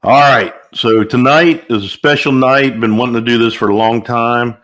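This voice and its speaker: An older man runs a casual live chat, reading out viewer names one after another. His tone is upbeat and chatty, with sudden whoops of excitement between greetings. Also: medium pitch, moderate pace. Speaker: livestream host.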